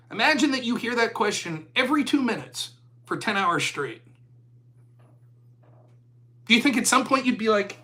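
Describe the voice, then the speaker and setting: A man's voice: sits high, normal speed, pauses often. A middle-aged American man talking casually as a podcast host, telling stories, acting out dialogue and swearing freely. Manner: animated storytelling, acts out dialogue, swears freely. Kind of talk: casual monologue.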